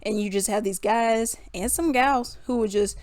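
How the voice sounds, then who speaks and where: A chatty young woman talks straight to her viewers in a relaxed storytime vlog, laughing often and saying "y'all". Her voice sits in a middle range for a woman. The sound is close and dry, with no room echo. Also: mid-range voice, moderate pace. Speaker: vlogger. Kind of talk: casual storytime and reaction commentary.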